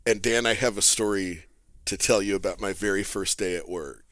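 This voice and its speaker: A man, a therapist and guest telling an animated story in casual podcast chat and laughing as he talks. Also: sits low, moderate pace, no room sound. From Texas. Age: 40s.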